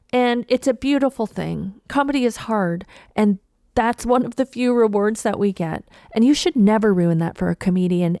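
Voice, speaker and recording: A woman's voice: mid-range voice, no echo. Woman comic ranting on her podcast, fired up and sweary, dry close sound. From Toronto, Canada. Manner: animated, indignant, profane. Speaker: comedian podcast host. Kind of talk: storytelling monologue.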